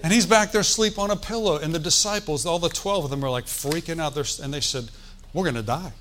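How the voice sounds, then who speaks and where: A man's voice: fairly high pitch, fast, fairly bright tone, a little hiss or hum. A man preaching a sermon in a conversational, folksy way, with joking asides and calls for the congregation to answer. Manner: asks the congregation for responses.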